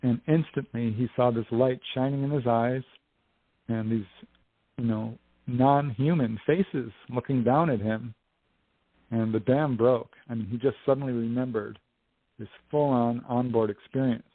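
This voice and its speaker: Husky guy telling stories on a call, does little voices, dry tinny line. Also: medium pitch, moderate pace, no echo. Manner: animated storyteller, acts out quotes. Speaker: guest, UFO investigator and author. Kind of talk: casual storytelling interview. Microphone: phone.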